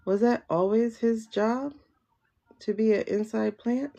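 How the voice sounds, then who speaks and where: Reading tarot on a livestream, a woman chats casually, posing questions out loud and then answering them herself, using slangy, familiar talk and nicknames like child, girl, and boo. She speaks a little slowly in a mellow, higher voice with vocal fry, and the audio sounds dull.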